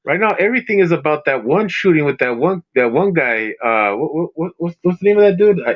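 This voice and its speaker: A man's voice: a little high, expressive, fairly quick. A man chatting on a stream over a call, teasing the host and stumbling over restarts. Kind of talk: casual call-in chat. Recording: dull lo-fi call audio.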